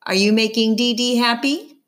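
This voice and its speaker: A woman reading the lines of a gentle, caring father in an audiobook. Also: on the high side, moderate pace, voice pushed up, lightly acted. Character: worried caring father, middle-aged man.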